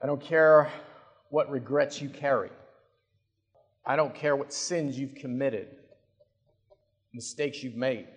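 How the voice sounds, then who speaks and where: A male preacher delivering a sermon, telling the story dramatically and swinging between hushed and loud passages. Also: mid-range voice. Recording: long hall reverb.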